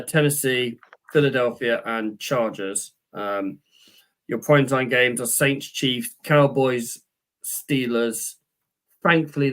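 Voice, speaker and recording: A man hosting a casual sports podcast, chatty and rambling with many fillers. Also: mid-range voice. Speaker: podcast host.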